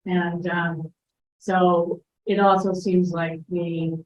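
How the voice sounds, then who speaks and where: A woman's voice: fairly low pitch, little pitch movement, slow, a little mellow. Chatty woman host in an echoey room. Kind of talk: casual chat. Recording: echoey, dull lo-fi sound.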